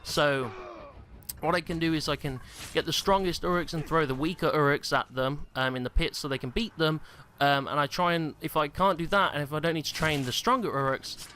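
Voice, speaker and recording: Speaking briskly in a fairly high, sharp voice, this young man is a gaming YouTuber rambling through casual gameplay commentary. He's out of breath and leans heavily on fillers like "um" and "like." The recording, made in a small stuffy room at home, has slight background noise.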